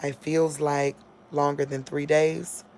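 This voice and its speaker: Gravelly-voiced woman preaching casually. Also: sits low, flat delivery, slow pace, a little hiss or hum. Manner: informal, laughs a lot, acts out quotes loudly. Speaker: online preacher. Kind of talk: casual spiritual livestream talk.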